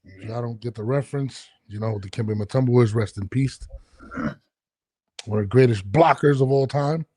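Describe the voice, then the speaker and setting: A man's voice: medium pitch, moderate pace, dry recording. A man hosting a podcast from his home studio, talking casually and ranting with lots of swearing. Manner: profane, animated ranting. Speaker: podcast host. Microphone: studio headphones and mic.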